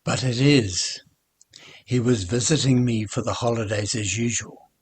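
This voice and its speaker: A man voicing a sad older grandfather who speaks haltingly, with stammers and pauses. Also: mid-range voice, steady tone, husky. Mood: grieving. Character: grieving older grandfather, once grumpy.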